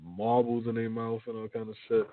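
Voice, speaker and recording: A man's voice: medium pitch, flat delivery, a little fast, no echo. Man hosting radio over tinny phone line. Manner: loose, profane, rambling with fillers. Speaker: radio show host. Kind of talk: casual radio talk.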